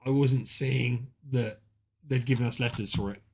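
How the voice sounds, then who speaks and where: A British man streaming a drawing game, chatting casually with friends and reacting loudly to their guesses. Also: mid-range voice, moderate pace, breathy edge. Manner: excitable, banter-heavy and sweary, reacting to guesses. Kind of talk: casual gaming stream chat.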